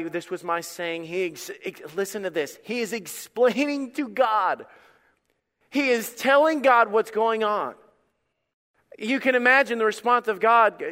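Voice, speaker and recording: Pastor guy preaching, highish smooth voice, lots of repeating, long echo in a big hall. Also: moderate pace, fairly bright tone. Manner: conversational, emphatic, repetitive. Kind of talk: sermon.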